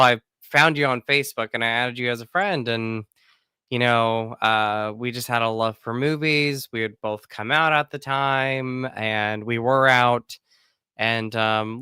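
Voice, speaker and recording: Man, 30s, casual podcast co-host, bright tone, slightly hoarse, animated and chatty. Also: dry recording, clean studio sound. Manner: animated, chatty, warm greetings with pitch jumps.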